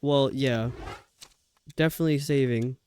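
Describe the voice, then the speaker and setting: A man's voice: mid-range voice, a little slow, darkish tone, slight background noise. A man streaming a video game live, talking to himself and his viewers in a grumbling, exasperated way. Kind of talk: live gameplay commentary.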